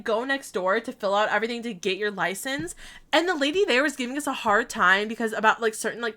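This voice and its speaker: A bright, clear-toned woman in her twenties chats away on a game stream. She tells stories in a loose, rambling way, laughs often and acts out what she said back then. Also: fairly high pitch. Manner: chatty storytelling, laughing often, quoting herself. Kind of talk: casual chat while streaming a game.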